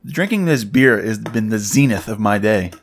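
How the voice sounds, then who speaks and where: A man's voice: on the low side, lively intonation, moderate pace, slight background noise. A man co-hosting a casual podcast, rambling and swearing freely as he acts out little everyday scenes. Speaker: podcast co-host. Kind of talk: casual chat.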